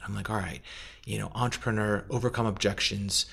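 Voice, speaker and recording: A middle-aged man in a casual interview, telling the story of starting his food company, animated and acting out other people's lines with plenty of fillers. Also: lowish voice, brisk, gravelly, breathy edge. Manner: animated, acts out quoted voices, many fillers. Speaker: food company founder, guest.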